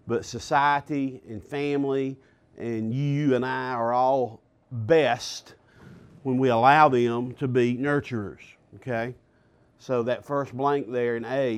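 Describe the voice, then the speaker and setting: Male pastor, mid-pitch, slow deliberate lesson delivery with filler pauses. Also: a little mellow. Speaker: pastor teaching a class. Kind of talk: sermon-style Bible lesson.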